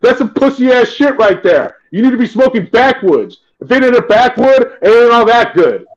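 Rambling, profane man with a high voice. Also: big pitch swings, normal speed. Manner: rambling and profane, full of "like" fillers. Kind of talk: crude comedic casual chat. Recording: dull lo-fi recording.

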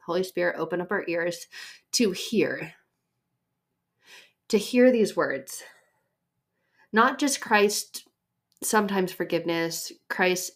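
A young woman hosting a faith podcast, chatty and animated, a little short of breath from her pregnancy. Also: on the low side. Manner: chatty, animated, acts out quoted voices. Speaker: podcast host.

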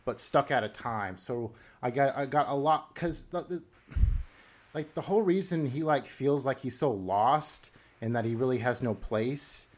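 A man's voice: mid-range voice, measured pace. A man hosting a film podcast, talking in a casual, rambling way full of ums, likes and restarts. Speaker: podcast host.

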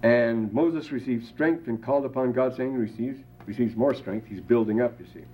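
On a dull lo-fi classroom tape with faint hiss, an older man delivers a lecture in a warm, medium-pitched voice, speaking briskly with hardly any pauses. He digresses with asides and rhetorical questions and builds emphasis as he quotes scripture.

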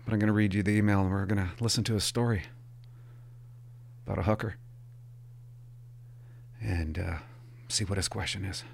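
This man hosts a podcast full of casual, rambling storytelling, animatedly performing quotes with different voices and whispers. His lowish voice is gravelly, at normal speed with long pauses. There's slight background noise.

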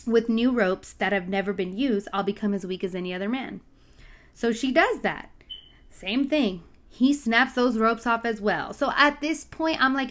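Female storyteller, casual Bible retelling, conversational with frequent asides. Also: mid-range voice. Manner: chatty, full of asides and "you know"s.

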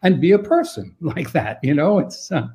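An older man sharing caregiving advice on dementia in a thoughtful, halting way with frequent restarts. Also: on the high side, sing-song, mellow. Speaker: dementia care expert guest. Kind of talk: conversational advice on a live stream.

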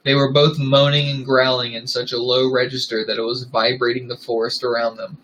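A man reading fan fiction aloud on a comedy podcast in a dry, deadpan narrating voice. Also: medium pitch, a little fast, slight background noise, low-quality recording.

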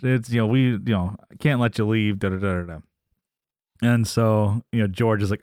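Low-voiced man recapping a sitcom. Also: brisk, dry recording, studio quality. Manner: animated retelling with quoted voices and laughs. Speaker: podcast co-host. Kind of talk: casual chat recapping a sitcom episode.

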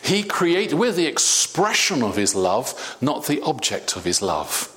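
A man preaching a sermon, animated, with many stammered restarts. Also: medium pitch, measured pace.

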